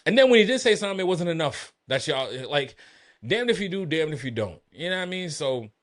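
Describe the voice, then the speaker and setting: A man hosting a podcast, ranting heatedly and profanely about sports with loud emphatic outbursts. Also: on the high side, very animated, a little fast. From Boston area. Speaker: podcast host. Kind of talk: solo sports rant.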